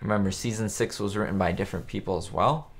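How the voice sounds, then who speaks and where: Casual male live-stream host, lowish voice, loose and rambling delivery for a facecam chat. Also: fast talker, slightly rough. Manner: rambling and chatty, many fillers and restarts.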